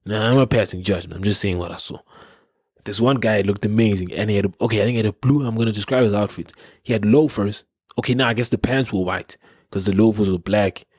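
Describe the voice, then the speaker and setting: A man's voice: fairly low pitch, quick pace, a little mellow, slightly rough, no room sound, studio quality. A young South African man hosting a podcast, telling a story in a rambling way with many restarts and frequent laughs. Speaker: podcast host. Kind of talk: casual storytelling.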